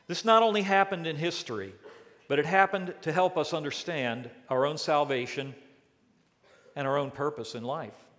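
Preaching man in a reverberant hall. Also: on the high side. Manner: dynamic preaching with emphatic rises and falls. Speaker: pastor. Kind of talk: sermon. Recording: long church reverb.

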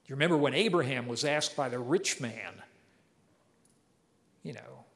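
A man's voice: mid-range voice, a little fast, a bit bright. A man giving an earnest, emphatic verse-by-verse Bible lesson as a teacher. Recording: long hall reverb.

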